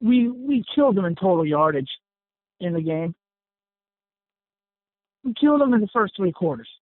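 A man's voice: sits high, very animated, normal speed, no room sound. Furious man ranting over a phone line. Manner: profane, ranting, heated. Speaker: caller. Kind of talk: angry fan call-in rant.

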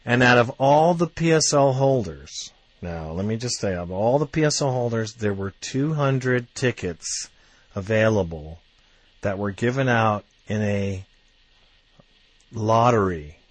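A man ranting as a fan commentator, blunt and quick to swear, working himself up into heated outbursts. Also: lowish voice, expressive, no room sound.

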